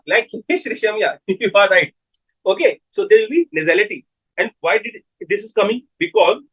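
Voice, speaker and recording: A man's voice: high voice, a bit bright, breathy edge, poor audio. A man with an Indian English accent giving a live medical lecture, repeating key terms and putting questions to his students.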